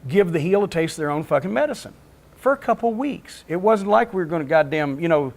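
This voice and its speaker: A man tells behind-the-scenes stories in a podcast chat. His voice sits a bit high for a man. He rants in an emphatic, profane, rapid-fire way. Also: animated. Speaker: podcast guest.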